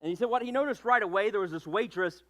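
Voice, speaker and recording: A man preaching a sermon as pastor tells a story in a relaxed, conversational way, tossing in joking asides about himself. His voice sits high and he talks fast.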